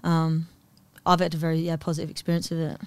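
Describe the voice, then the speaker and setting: Blunt woman, smooth dry voice. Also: sits low, monotone, fast talker, a little mellow, no echo. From Uxbridge, England. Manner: blunt, swears freely, acts out both sides of a dialogue. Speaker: comedian and poet guest. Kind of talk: casual podcast storytelling.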